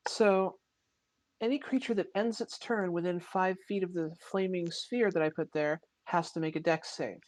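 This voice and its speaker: A woman playing a tabletop game, explaining her options and the rules in a measured way. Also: fairly low pitch, darkish tone, dry recording. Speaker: player.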